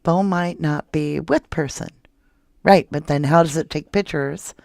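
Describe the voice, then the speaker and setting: A woman chats casually with her viewers as she hosts a livestream, her voice low and gravelly. She turns animated and jumps up high when something excites her, and the sound is dry and close. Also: unhurried, no room sound. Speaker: true crime livestream host. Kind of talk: casual live chat reading viewer comments.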